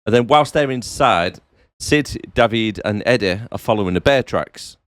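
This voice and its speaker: A man co-hosting a casual podcast, summarising plot in a relaxed way with frequent tag questions. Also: lowish voice, normal speed, dry recording. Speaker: podcast co-host. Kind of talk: casual chat.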